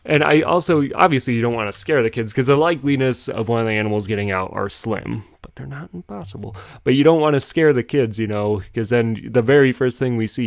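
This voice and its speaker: A man's voice: lowish voice, vocal fry, dry recording, clean studio sound. A young man casually telling a rambling story on a podcast, chuckling as he goes. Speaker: podcast host.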